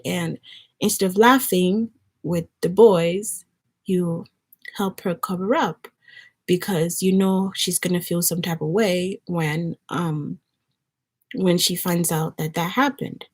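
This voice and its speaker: Young woman, husky voice, earnest casual vlog chat, story-telling. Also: fairly low pitch. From Nigeria. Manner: earnest, storytelling, lots of likes and restarts. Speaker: vlogger. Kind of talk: casual chat while getting ready.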